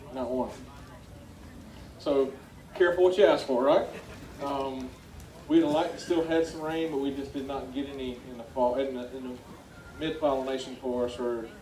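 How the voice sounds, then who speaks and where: Middle-aged farmer with a South Georgia accent, folksy, mellow, speaking from a distance in an echoey hall. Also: male voice, mid-range voice. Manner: folksy, chatty, asks the crowd questions. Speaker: farmer giving a talk. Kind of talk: speech to a live audience. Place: meeting hall before an audience. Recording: echoey room, heard from a distance.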